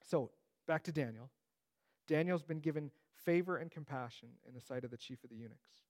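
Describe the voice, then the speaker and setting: Bible teacher, male, slightly higher pitch, casual delivery with quips. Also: a little fast, a little mellow. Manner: conversational, with joking asides.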